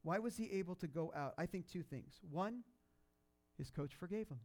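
Guy preaching, chatty storyteller, slightly high voice, gets loud and then goes soft. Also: moderate pace. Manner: animated storytelling, loud and rising when excited, soft and low at sad moments; conversational, with many fillers and restarts. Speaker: pastor. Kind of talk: sermon storytelling.

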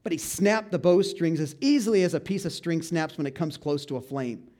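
A male pastor preaching a sermon, animated and joking, with asides and laughter between Bible readings. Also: on the high side, a little fast.

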